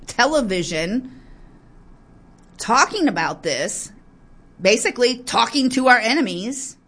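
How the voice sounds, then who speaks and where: A woman's voice: mid-range voice, fairly bright tone. A woman giving heated political commentary, ranting, apologizing in asides, and describing herself as getting worked up. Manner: fired-up, ranting, quick to get aggravated.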